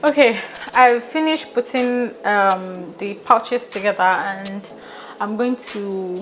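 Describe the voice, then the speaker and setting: A woman telling a story in an animated, laughing way while cooking in her home kitchen. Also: medium pitch, slow pace, a little hiss or hum, poor audio. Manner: animated, laughing, mixes in slang. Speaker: vlogger. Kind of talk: storytelling vlog. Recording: kitchen with loud frying sizzle.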